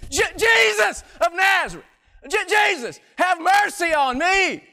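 A man voicing an old blind male beggar who shouts high and strained, stammering as he pleads. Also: lively intonation, unhurried, gravelly, full character voice. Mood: desperate pleading.

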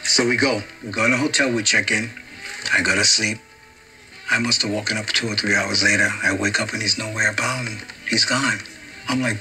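A middle-aged man with a lowish voice recounts an anecdote to the documentary camera a little fast, performing the quoted lines with lively energy. The audio is poor, with music running underneath.

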